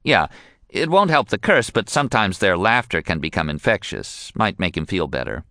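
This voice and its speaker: A man voicing a sleepy, laid-back male witch doctor taking a late-night phone call, in a drowsy deadpan manner. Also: low voice, moderate pace, dry recording, clean studio sound, heavily acted.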